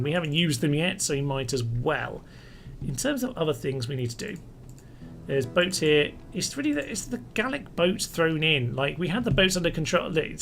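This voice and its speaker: A man giving casual, wry commentary as he plays a strategy game, thinking aloud and mildly exasperated by setbacks. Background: faint music and air conditioner rumble.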